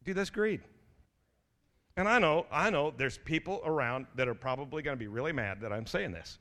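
A male pastor in middle age preaches to his congregation in a bright, ringing voice that sits slightly high. He tells his stories casually, stumbling over and restarting his words, then turns to the room with call-outs to the crowd. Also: animated, moderate pace. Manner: conversational storytelling with frequent restarts and stammers. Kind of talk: sermon.

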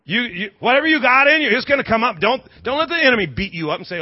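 A male pastor preaching a sermon in an animated, humorous way, with quick asides and lots of repeated words. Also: extremely high pitch, dry recording, dull audio.

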